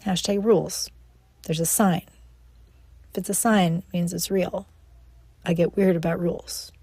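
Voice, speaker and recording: A woman's voice: mid-range voice, creaky, a little mellow, no room sound. A middle-aged woman reading her personal newsletter aloud in a chatty, playful way, often laughing. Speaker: newsletter author and speaker.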